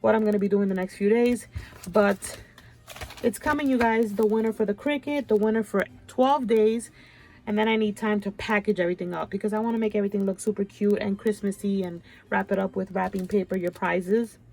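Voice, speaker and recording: A woman's voice: medium pitch, steady tone, a little fast, vocal fry, darkish tone. A woman hosting a craft channel, chatting casually and gushing over her work with a stuffy nose. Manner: gushing, chatty, keeps saying "you guys". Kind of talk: casual show-and-tell chat.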